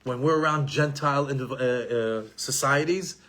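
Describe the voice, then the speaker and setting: A middle-aged man giving an animated Torah lesson, repeating himself and mixing in Hebrew terms. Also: mid-range voice, a little slow. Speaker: Torah teacher.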